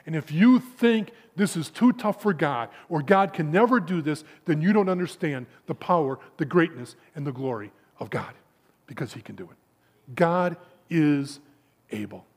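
A man with a notably high voice preaches to a room of men. He tells his stories in a rush of stammered repeats, then sinks to a hushed, low delivery on the key words. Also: expressive, moderate pace. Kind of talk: sermon to a men's gathering.

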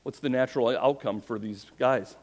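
Middle-aged male pastor, animated storytelling sermon, expressive delivery. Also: medium pitch, normal speed. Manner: animated storytelling, voices quotes with rising emphasis.

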